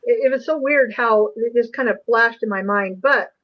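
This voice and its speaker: A woman's voice: on the high side, moderate pace, lo-fi sound. A woman guest, an investigator, earnestly telling a personal story on an interview show. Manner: earnest, emotional recounting.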